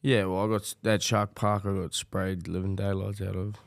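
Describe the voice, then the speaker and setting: A man's voice: sits low, little pitch movement, normal speed, creaky, no room sound, clean studio sound. A young man, a podcast guest, talking in a laid-back way and laughing often. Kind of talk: casual chat.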